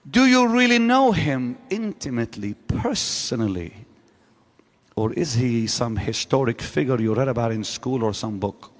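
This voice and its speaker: A male preacher delivering a sermon in a slow, deliberate cadence, his pitch swinging widely between soaring peaks and hushed low drops. He presses the crowd with repeated rhetorical questions, and his voice rings out with the long reverb of a large church hall. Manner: dramatic, repetitive rhetorical questioning of the audience. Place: large church auditorium with live audience.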